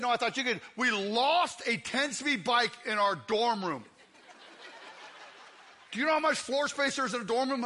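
Guy preaching, high bright voice, cracks jokes and yells at the crowd. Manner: joking, fast-talking, often shouting to the crowd. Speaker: guest preacher. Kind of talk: lively sermon. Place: church sanctuary.

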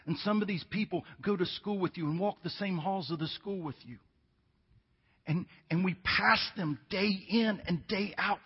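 A man's voice: high voice, husky. A man preaching as a guest speaker, telling a funny story to the congregation before his sermon. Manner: animated storytelling, jokes with the congregation. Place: church sanctuary. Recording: dull sound in a reverberant church hall.

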